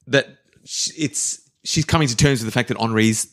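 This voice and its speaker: A man's voice: mid-range voice, normal speed. A man co-hosting a podcast, retelling history in a playful, rambling, jokey way. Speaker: podcast co-host. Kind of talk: casual history chat.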